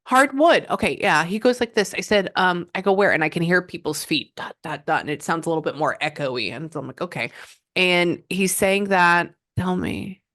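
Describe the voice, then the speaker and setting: A woman working as a psychic medium, giving a client a reading and passing on messages in an animated, chatty way. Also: fairly low pitch, moderate pace, no room sound, clean studio sound. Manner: animated, relays messages in quotes, frequent "hold on".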